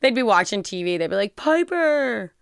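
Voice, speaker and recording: A middle-aged woman telling stories in casual chat as a podcast guest, animated, laughing often and swearing freely. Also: mid-range voice, fast, gravelly, clear, resonant tone, no echo, studio quality.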